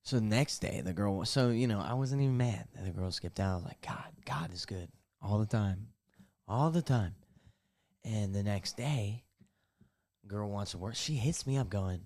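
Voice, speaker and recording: Sitting in his bathtub at home, a young man hosts a solo podcast and spins a rambling, self-deprecating story laced with profanity. His voice is fairly low and a little mellow.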